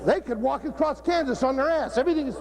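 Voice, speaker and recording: A man's voice: very high voice, quick pace, background noise. A man who is a football coach, giving a joking, blunt, profane talk at a coaching clinic. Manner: blunt and profane, cracking jokes.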